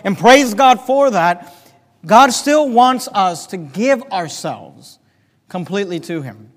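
A man preaching a Sunday night sermon, building with passion and rising to near-shouts as he quotes scripture. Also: sits high, big-room sound.

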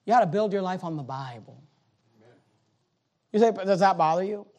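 A high-voiced male pastor preaching in a church. He drops low and quiet, then climbs into loud, urgent exhortation, repeating his phrases and stumbling over restarts. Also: lively intonation, normal speed, highs cut off. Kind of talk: sermon.

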